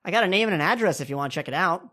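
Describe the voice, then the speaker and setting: A woman puts on a casual lab analyst with a noticeably higher voice than her own, hesitant and full of fillers. She is a laid-back tabletop game figure who rambles as she reports. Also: lively intonation, rapid-fire, fairly bright tone.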